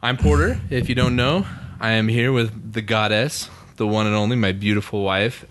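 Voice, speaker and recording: A man's voice: fairly low pitch, normal speed. A man co-hosting a casual chat podcast on a microphone, rambling with many fillers and restarts. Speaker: podcast co-host.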